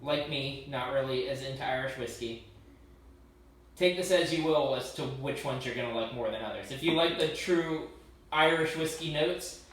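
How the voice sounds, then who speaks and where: A man's voice: mid-range voice, normal speed, a bit bright. Echoey, slightly distant man chatting whiskey. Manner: opinionated, restarts phrases, prefers bourbon. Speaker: whiskey tasting co-host. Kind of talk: casual tasting chat. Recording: very echoey room, a bit off-mic.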